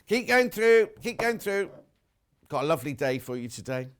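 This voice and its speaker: A man's voice: on the high side, sing-song, normal speed, clear, resonant tone. Chatty British TV sales presenter, man. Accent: British English. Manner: chatty, reads out viewer messages. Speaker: shopping channel presenter. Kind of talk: live TV sales chat.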